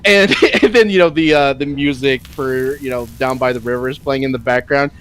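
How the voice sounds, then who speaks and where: A man's voice: mid-range voice, moderate pace, a bit bright, clear, resonant tone. A man chatting on a game stream, telling stories animatedly and laughing as he retells them. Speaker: stream co-host. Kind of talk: casual gaming chat.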